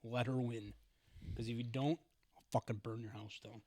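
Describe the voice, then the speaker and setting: A young man co-hosting a casual podcast, telling excitable stories with lots of swearing and mimicking the voices of others. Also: medium pitch, moderate pace, no echo. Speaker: podcast co-host. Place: podcast studio.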